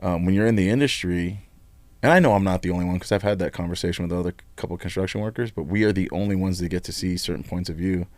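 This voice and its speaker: Middle-aged man from nevada, lowish voice, blunt and animated, dry close sound. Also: fast talker, no room sound. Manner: candid and animated, blunt words, repeats himself. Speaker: union leader, podcast guest. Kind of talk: casual interview chat.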